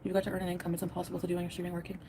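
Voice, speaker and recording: A woman's voice: lowish voice, completely flat delivery, rapid-fire, dark tone, slight background noise. A woman livestreaming at home, defensive and profane, ranting at her chat while tired and in a bad mood. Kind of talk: angry livestream rant to chat.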